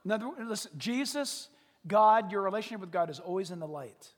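A pastor preaching a sermon, animated and dramatic, dropping to whispers and acting out little scenes. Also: male voice, high voice, brisk, big-room sound. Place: church service.

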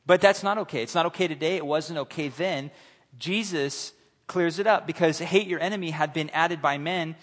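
A man preaching a sermon in a church, animated and humorous, acting out little scenes. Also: a little high, moderate pace, big-room sound. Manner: animated, humorous, acts out voices. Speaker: pastor. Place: church sanctuary.

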